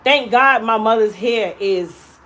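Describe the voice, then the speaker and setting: A woman's voice: on the high side, takes it slowly, slight background noise, poor audio. A woman hairstylist telling a personal story in a casual, emphatic way while working in her salon. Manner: animated, emphatic storyteller who acts out quotes. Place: hair salon.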